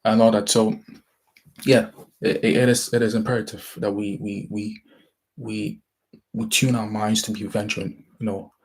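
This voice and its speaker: A young man from Ghana with a Ghanaian accent talks casually to his listeners. His voice is husky and fairly low, and he rambles and often starts his sentences over. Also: level tone. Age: young adult. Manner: rambling, halting, with many restarts. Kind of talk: casual motivational talk.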